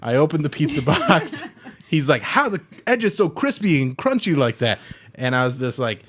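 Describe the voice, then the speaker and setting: Animated male podcast host telling a story. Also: a little high, moderate pace, slight background noise. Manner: animated storyteller acting out both sides of a dialogue. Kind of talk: casual comedy podcast banter.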